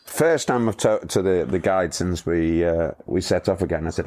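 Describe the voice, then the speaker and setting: A man's voice: low voice, moderate pace, a little mellow. A middle-aged man, a motorcycle tour company owner, telling rambling anecdotes in a casual interview, chuckling as he goes.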